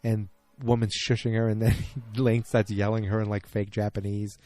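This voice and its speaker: Low, mellow-voiced man rambling through a recap. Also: little pitch movement, normal speed. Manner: rambling, self-correcting storyteller. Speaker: podcast host. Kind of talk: casual solo podcast recap.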